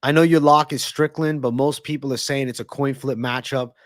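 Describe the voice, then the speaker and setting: A man's voice: medium pitch, steady tone, fairly quick, dry recording. A male livestream host breaks down fights and riffs with his chat in a loose, profane, hyped way. His voice sits in a middle register. The sound is dry and close, with no room around it. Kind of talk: live-streamed fight predictions and chat.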